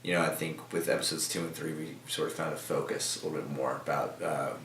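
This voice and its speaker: A man's voice: rumbling low, little pitch movement, fast talker, fairly bright tone, slight background noise. A young man talking casually in an interview, rambling with many fillers and restarts, in an office. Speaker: team member guest. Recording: echoey room from a distance.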